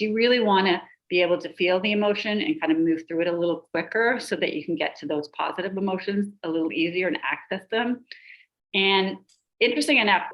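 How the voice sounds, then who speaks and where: A middle-aged woman, a pediatrician and life coach, explaining emotions on a podcast and listing examples in a steady rhythm. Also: on the low side, rough recording.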